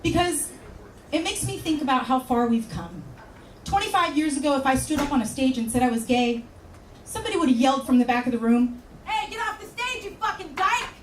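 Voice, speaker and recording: A woman from California performing a stand-up comedy set on a club stage, with wry, deadpan asides and sudden high exclamations. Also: fairly quick, a little hiss or hum. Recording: roomy club sound from far off.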